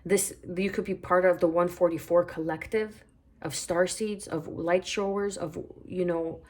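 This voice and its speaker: A woman giving a spiritual tarot reading, unhurried and reflective, repeating phrases as she pulls cards. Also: lowish voice, steady tone, darkish tone. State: hiccuping. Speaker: tarot reader.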